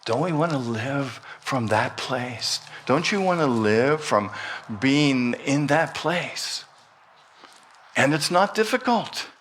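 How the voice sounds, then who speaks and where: A middle-aged man giving a sermon in a church, guiding a meditation gently and unhurriedly with light humor. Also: medium pitch, animated, slow, a little hiss or hum. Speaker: minister. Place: church sanctuary.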